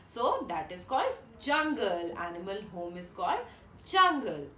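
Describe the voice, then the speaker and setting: A woman's voice: medium pitch, very animated, unhurried, a bit bright, a little hiss or hum. A woman narrating a children's story expressively, asking her young listeners questions, in an echoey room.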